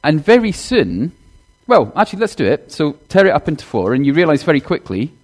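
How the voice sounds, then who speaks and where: A minister preaching to his congregation in a church, chatty and direct. His pitch swings widely as he talks, rising and falling with each point. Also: sing-song, quick pace. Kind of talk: sermon with children's talk.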